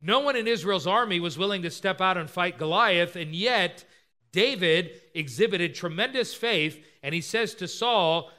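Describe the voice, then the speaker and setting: A man preaches an expository sermon at a moderate pace, his high voice bright and forceful. He recounts scripture and acts out the characters' lines briefly.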